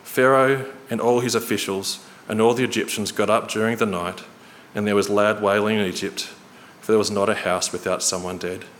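Earnest low-voiced man preaching in hall. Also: fairly even intonation, fairly quick, a bit bright. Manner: earnest, storytelling, varies pace for emphasis. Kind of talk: sermon. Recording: reverberant hall, faint noise.

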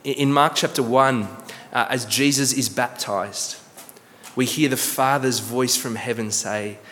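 A man preaching a sermon as pastor, earnest, slowing for emphasis and repeating words. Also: mid-range voice, steady tone, fairly bright tone, slight background noise. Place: church hall. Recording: long church reverb.

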